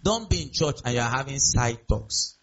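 A man's voice: medium pitch, expressive, moderate pace, fairly bright tone. A man preaching a sermon as pastor, emphatic and repetitive, often asking the congregation rhetorical questions. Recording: dull lo-fi sound.

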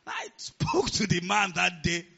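A man preaching a sermon as pastor of a church, animated and rising to near-shouts. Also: sits high, a little slow, vocal fry, a little hiss or hum. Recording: dull lo-fi sound.

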